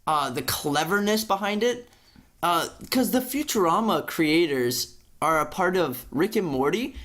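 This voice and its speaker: A young man co-hosting a casual podcast, ranting with lots of swearing and sudden jumps in pitch. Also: expressive, a little slow, a bit bright. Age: young adult. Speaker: podcast co-host. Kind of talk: casual chat.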